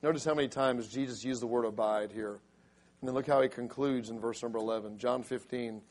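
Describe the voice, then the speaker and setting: A middle-aged man with a raspy voice, a pastor preaching a sermon who rises to loud, emphatic delivery when quoting scripture. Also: medium pitch, steady tone, brisk.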